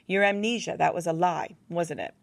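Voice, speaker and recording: A woman reading Tamara, a sharp suspicious young woman. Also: on the low side, moderate pace, gravelly, no echo. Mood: accusing. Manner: accusing, demanding questions.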